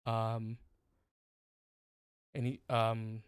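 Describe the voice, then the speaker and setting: A man running a tabletop game, describing scenes slowly with many pauses and fillers. His voice is smooth and clear. The sound is dry and close. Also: on the low side, completely flat delivery, dry recording. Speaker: game master.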